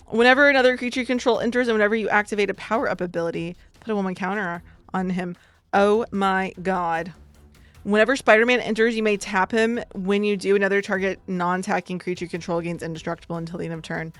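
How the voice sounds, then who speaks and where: A woman with a slight cold, opening trading card packs in a bubbly vlog and reading card text aloud quickly. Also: medium pitch, fairly bright tone, dry recording, soft background music. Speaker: card-opening content creator. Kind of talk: excited pack-opening vlog.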